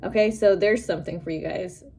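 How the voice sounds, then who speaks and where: A woman's voice: fairly low pitch, fairly quick, mellow, husky. A woman doing a tarot reading for her viewers, chatty and musing, often breaking into giggles. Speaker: tarot reader.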